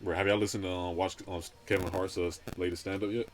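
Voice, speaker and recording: Deep-voiced, fast-talking young man. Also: flat delivery. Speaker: podcast co-host. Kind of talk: casual chat.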